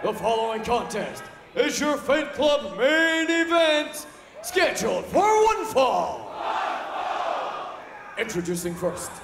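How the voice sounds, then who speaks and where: A man working as ring announcer at a live wrestling event, calling out names in booming, drawn-out announcements. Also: big pitch swings, vocal fry, background noise. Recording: roomy live venue, loud crowd.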